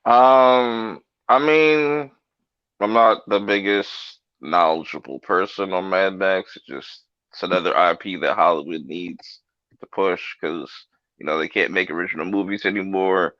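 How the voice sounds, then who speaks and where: A man's voice: deep voice, a little slow, fairly bright tone, no room sound, dull audio. A man on a casual chat panel, blunt and offhand, with slangy remarks. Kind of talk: casual late-night chat.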